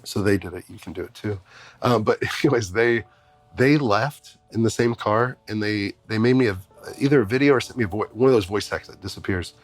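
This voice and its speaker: A man talking as a podcast guest, an animated storyteller who laughs often. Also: lowish voice, a little fast, no echo. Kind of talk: casual conversation.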